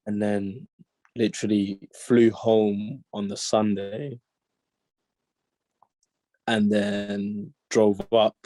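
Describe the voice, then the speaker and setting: A young man telling a story as an interview guest, animated and full of slang, acting out the lines of the people in it. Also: fairly low pitch, drawn-out words, long pauses, no echo. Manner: animated slang-heavy storytelling, acts out quotes. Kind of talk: casual storytelling chat.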